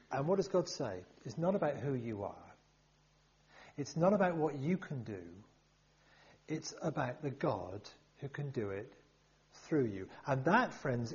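A man's voice: mid-range voice, a little mellow, highs cut off. A man preaching a sermon to a congregation, emphatic and full of rhetorical questions.

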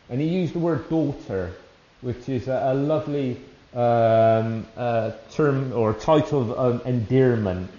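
A man giving an informal devotional talk, rambling and warm-hearted, often chuckling between thoughts. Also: mid-range voice. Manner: rambling, warm-hearted, with frequent fillers and restarts; chuckles often while speaking. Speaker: lay preacher. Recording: dull, roomy sound.

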